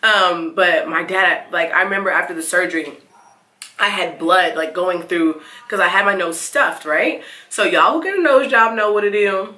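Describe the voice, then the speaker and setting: A young woman telling a storytime vlog, animated and laughing, acting out the quotes in squeals. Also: lowish voice, normal speed, reverberant. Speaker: vlogger. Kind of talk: casual storytime.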